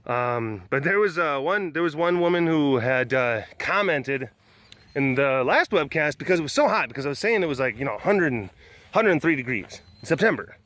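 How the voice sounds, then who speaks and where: Man, casual phone vlog, outdoors, chatty and joking, animated pitch, fairly high voice. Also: normal speed, no room sound. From Texas. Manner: jokey, chatty, many fillers and restarts. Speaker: vlogger. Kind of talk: casual rambling webcast. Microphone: phone held in hand.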